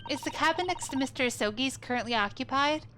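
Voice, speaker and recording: A woman's voice: high voice, fast talker, background noise, lightly acted. Woman voicing a polite young law student. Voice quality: courteous, formal.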